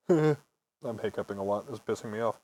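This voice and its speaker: A man's voice: on the low side, moderate pace, a little mellow. A man in his early twenties, host of a casual podcast, telling rambling stories, swearing freely and laughing often. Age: early 20s. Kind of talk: casual storytelling chat.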